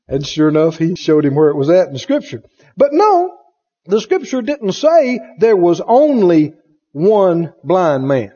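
A man delivers a folksy sermon, his high voice swooping up and down as he acts out the people in his stories. His tone is husky and mellow. The recording is dull and lo-fi, with the long reverb of a church sanctuary. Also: sing-song, a little slow. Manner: folksy storytelling with laughs and quoted voices. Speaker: pastor. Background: congregation answering amen.

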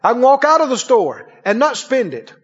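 A man's voice: very high voice, very animated, moderate pace, slightly rough. A man preaching a sermon, chuckling often and asking the congregation questions. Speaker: pastor. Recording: dull, lo-fi sound in a reverberant hall.

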